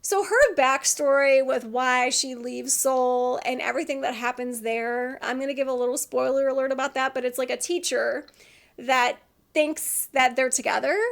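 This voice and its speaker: A woman's voice: sits high, fairly even intonation, moderate pace, gravelly. A woman chatting casually about TV dramas she has been watching, laughing often and acting out lines from scenes. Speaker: vlogger.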